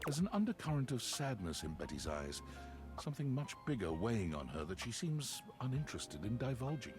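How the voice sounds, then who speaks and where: A man giving calm scripted narration for a game over game music. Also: medium pitch, brisk, natural voice. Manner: calm, descriptive.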